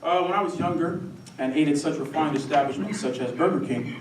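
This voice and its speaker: A young man performing a wry, animated comic monologue on stage. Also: on the high side, fairly quick, noisy background. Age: young adult. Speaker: student solo performer. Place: theatre stage before a live audience. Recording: roomy stage sound from a distant mic.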